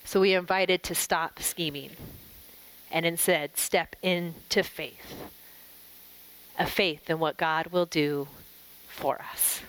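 A middle-aged woman giving a devotional talk, gentle and reflective, telling a family story and closing in prayer. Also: fairly low pitch, fairly even intonation, slow pace, pauses often, clean tone, rough recording. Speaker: devotional speaker.

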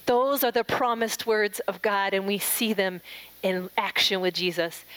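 A middle-aged woman preaching an earnest, emphatic sermon, slowing and softening her voice on scripture quotes. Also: mid-range voice, fairly even intonation, clean tone, low-quality recording.

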